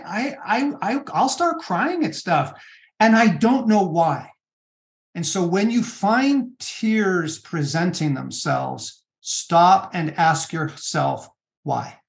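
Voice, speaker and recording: A middle-aged man, an author giving an interview guest's earnest advice, talking in halting bursts with frequent restarts and fillers. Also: high voice, creaky. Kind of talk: conversational interview on spiritual practice.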